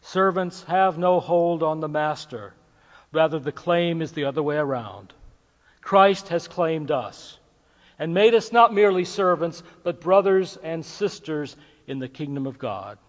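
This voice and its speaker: A man preaching a sermon as pastor, talking casually and jokingly with filler pauses. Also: fairly high pitch, lively intonation. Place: church sanctuary. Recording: dull recording with long hall reverb.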